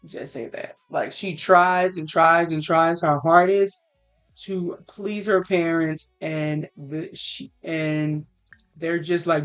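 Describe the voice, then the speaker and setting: A woman's voice: deep voice, fairly even intonation, slow, smooth, faint music behind. A woman casually narrating a life-sim game story, rambling with fillers and the odd curse. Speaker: let's play creator.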